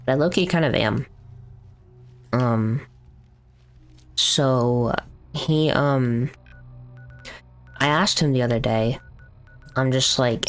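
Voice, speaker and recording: A man's voice: mid-range voice, takes it slowly, long pauses, clean tone, faint music behind. A young man talking casually on a live stream, venting in a rambling, profane way with lots of fillers.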